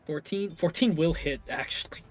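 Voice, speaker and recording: A man with a fairly high voice narrates as a game master, livening up the story and quickly correcting himself on the fly. There's no echo, and soft music plays in the background.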